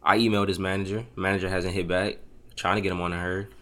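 Easygoing deep-voiced podcast host. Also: male voice, level tone, fast talker, fairly bright tone. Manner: easygoing, laughs often. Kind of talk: casual chat.

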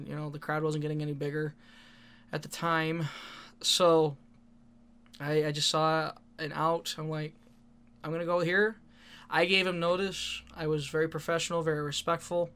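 Bright, clear-voiced man rambling. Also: fairly high pitch, little pitch movement, normal speed. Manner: rambling, laughs often, swears casually. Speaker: independent wrestler. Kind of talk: casual storytelling monologue.

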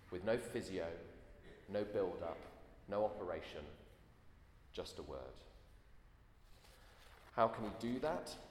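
A man's voice: low-pitched, darkish tone. A man preaching a sermon in an earnest way, full of rhetorical questions. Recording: echoey hall, faint room noise.

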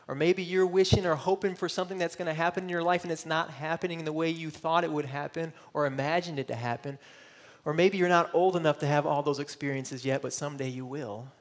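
A middle-aged man from Michigan preaching a sermon, earnest and personal, voicing searching questions and at times close to tears. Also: on the high side. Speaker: pastor.

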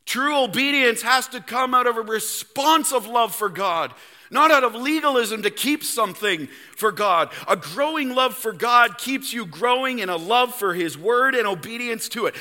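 A male pastor with a Canadian accent preaching a sermon in a church, emphatic and swinging from loud to hushed. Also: extremely high pitch, animated, normal speed, in a large hall. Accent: Canadian English. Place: church sanctuary.

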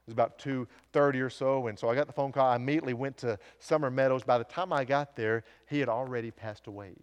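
A man's voice: medium pitch, fairly even intonation, fast talker, smooth, big-room sound. A man preaching a sermon as pastor, earnestly asking his congregation questions and telling a story from his week. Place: church sanctuary.

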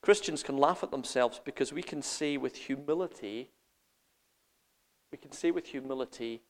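A man preaching a sermon, animated, swinging between loud emphasis and quiet intensity, laughing as he goes. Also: mid-range voice, normal speed, in a large hall.

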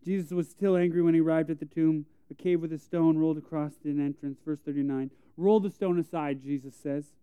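A male pastor preaching a sermon, retelling a Bible story conversationally and dropping to a hush for emphasis. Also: on the high side, level tone, brisk, hardly any pauses, smooth, no room sound, lo-fi sound.

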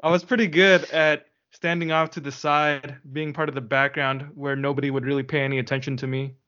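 Man, podcast co-host, upbeat teasing banter, slightly high voice, dull lo-fi mic. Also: level tone, brisk, sharp tone. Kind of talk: casual chat.

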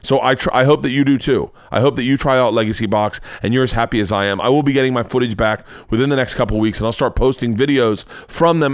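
A man's voice: medium pitch, quick pace, few pauses, dry recording. A man hosting a podcast, doing a loose, rambling, profane ad read full of restarts and hyped bursts. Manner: rambling, profane, self-interrupting. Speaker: podcast host reading ads.

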